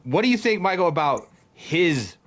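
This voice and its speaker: A man's voice: on the high side, sing-song, moderate pace, a bit bright. A man co-hosting a podcast, asking the guests blunt, probing questions. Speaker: co-host.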